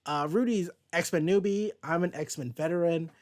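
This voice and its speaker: A man's voice: a little high, moderate pace. Upbeat man hosting a comic chat. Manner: chatty, upbeat. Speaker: podcast host. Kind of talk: casual comic book discussion.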